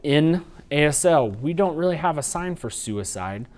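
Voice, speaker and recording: A man's voice: a little high, lively intonation, a little mellow. Patient male sign language trainer. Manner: patient, explanatory, slows to demonstrate. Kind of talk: instructional lecture. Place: training video recording.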